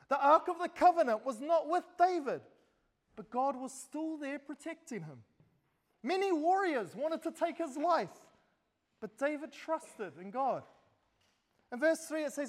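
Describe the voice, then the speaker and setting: A man preaching a sermon, speaking straight to the congregation and posing rhetorical questions. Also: very high voice. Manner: addresses listeners directly with rhetorical questions. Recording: long hall reverb.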